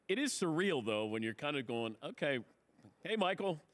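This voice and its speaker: A man hosting a sports talk radio show, giving a brisk, lively read of plugs and intros. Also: on the high side.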